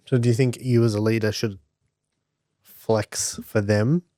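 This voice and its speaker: Mellow-voiced man asking probing questions. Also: on the low side, steady tone, a little slow, dry recording, studio quality. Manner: probing, asks follow-up questions. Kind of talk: casual podcast interview.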